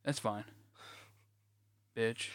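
A man's voice: very slow, a bit bright, no echo, studio quality. A man co-hosting a podcast, telling stories in a profane, ranting way. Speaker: podcast co-host. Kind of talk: casual chat.

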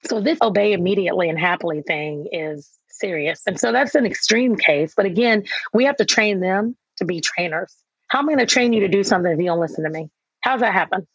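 Animated woman telling parenting stories. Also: medium pitch, brisk, breathy edge, no room sound. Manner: animated storyteller acting out her kids and herself. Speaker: author and guest. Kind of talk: conversational interview. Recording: dull, dry sound.

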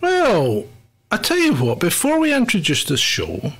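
A man co-hosting a casual live chat with a teasing, easygoing manner. He laughs easily, and his voice sits a touch higher than most men's. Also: wildly swooping pitch, unhurried, a bit bright. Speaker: co-host.

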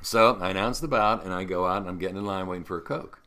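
Deep-voiced man telling stories. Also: fast talker. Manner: animated anecdotes, acts out other people's lines. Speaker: guest, veteran radio host. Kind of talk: casual storytelling.

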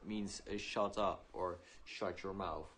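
A man with a low voice presents a casual language clip. He speaks very slowly and relaxedly, filling pauses with ums. Faint background noise is heard. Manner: slow, relaxed, with fillers.

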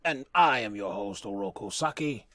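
A man hosts his podcast in a loose, meandering monologue, swearing and joking as he goes. His voice sits low. The recording is dry and close, with no room sound. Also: expressive, normal speed, bright, forceful tone, no echo. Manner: rambling, profane and joking, many fillers and restarts. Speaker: podcast host.

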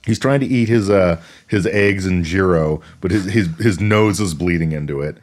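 Low-voiced man summarizing a movie plot. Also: moderate pace. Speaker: podcast co-host. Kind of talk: casual movie recap chat.

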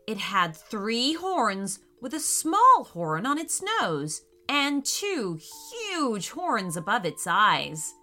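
A woman narrating a children's story in a slow, expressive way. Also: mid-range voice, soft background music.

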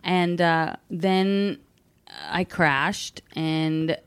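A woman's voice: lowish voice, drawn-out words, smooth, dry recording. Frank woman telling her story. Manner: frank, animated retelling with acted-out dialogue. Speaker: podcast guest. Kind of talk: candid personal storytelling.

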